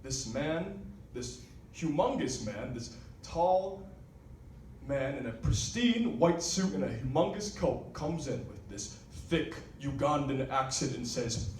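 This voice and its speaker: A man's voice: medium pitch, lively intonation, measured pace, a little hiss or hum. A young man, a cabaret singer, telling a wry comic story between songs at a live venue. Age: young adult. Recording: echoey live room, far mic, loud piano.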